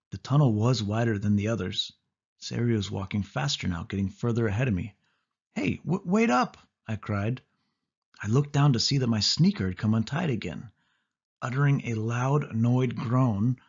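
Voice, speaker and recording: A man reading a children's storybook aloud in steady first-person narration. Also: medium pitch, husky. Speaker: audiobook reader. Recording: dull lo-fi audio.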